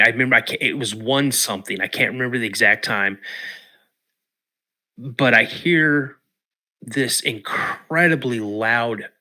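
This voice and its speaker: A man from the Pacific Northwest of the US, a podcast guest telling a personal story in an emotional, halting way. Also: medium pitch, sharp tone. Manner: emotional, halting retelling with restarts.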